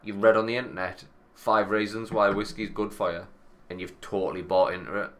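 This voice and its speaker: A man's voice: lowish voice, little pitch movement, brisk. Rambling man. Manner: rambling, storytelling, swears freely. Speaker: podcast co-host. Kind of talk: casual chat.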